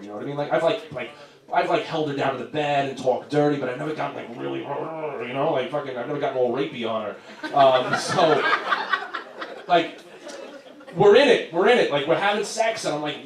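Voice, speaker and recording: A young man doing a stand-up comedy set, telling a story loudly and acting out the quotes. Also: on the high side. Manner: loud, animated storytelling with acted-out quotes. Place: comedy club stage. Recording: echoey club room, recorded from a distance, crowd noise. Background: audience laughing.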